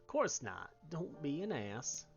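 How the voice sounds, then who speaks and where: A tough, coarse old grandmother with a Southern drawl, played by a man whose voice rides higher than his own speaking voice. She scolds bluntly and talks rough even when she is being tender. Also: takes it slowly, lo-fi sound, soft background music, heavily acted. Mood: stern tender.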